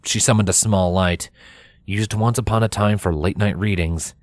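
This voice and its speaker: A man narrating a fanfiction chapter aloud in steady, expressive storytelling. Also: on the low side, moderate pace, no room sound, clean studio sound. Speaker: fanfiction reader. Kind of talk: scripted narration.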